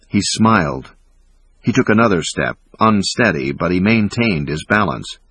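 A man reading a thriller audiobook in a measured, dramatic way. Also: low voice, very animated, fairly bright tone, husky, no room sound. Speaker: audiobook narrator. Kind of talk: scripted narration.

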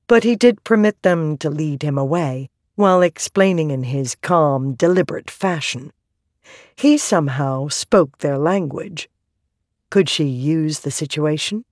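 A woman narrating an audiobook in a measured, clear storytelling manner. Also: low-pitched, a little mellow, dry recording, studio quality. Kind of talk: scripted narration.

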